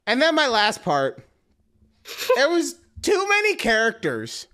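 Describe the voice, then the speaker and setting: This young podcast co-host has a very high voice and speaks a little slowly. In casual chat he tells stories with animation, performing the quotes.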